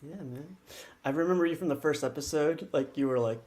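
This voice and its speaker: A man's voice: a little high, a little fast, a little mellow. A man hosting a casual livestream chat, friendly and upbeat, laughing often. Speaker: host.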